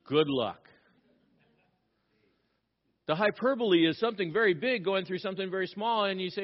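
A man's voice: high voice, animated, unhurried, long pauses. A middle-aged man preaching a sermon as a pastor, emphatic and repeating his key phrases, with frequent restarts. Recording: dull lo-fi recording.

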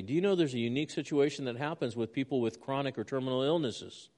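A man's voice: medium pitch, brisk, few pauses, a little mellow, big-room sound. A man preaching a sermon as a pastor, reading scripture aloud with rising intensity.

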